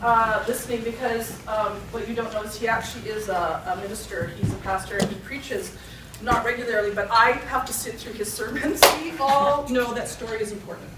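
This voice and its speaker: A woman's voice: fairly high pitch, steady tone, brisk, very noisy. A woman speaking to a retreat audience in a conversational, joke-telling way. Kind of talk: talk to an audience. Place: retreat hall. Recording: echoey hall, distant mic.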